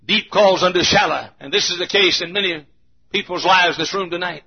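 A man's voice: sits high, brisk, husky. A man preaching a sermon in a church with an emphatic, repetitive cadence. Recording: muffled lo-fi recording.

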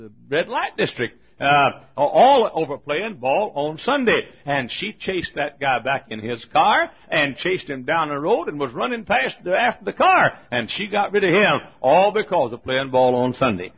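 A man's voice: on the high side, breathy edge, lo-fi sound. An older man in his seventies, preaching a folksy sermon full of stories, often chuckling.

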